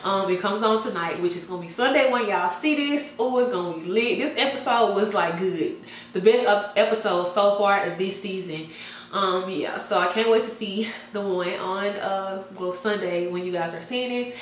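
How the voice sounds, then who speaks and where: Woman vlogger, chatty gossip, boomy echoey room, sits back from the mic. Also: moderate pace, recorded from a distance, slight background noise. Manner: chatty, laughs often, trails off with "I don't know". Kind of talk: casual gossip chat.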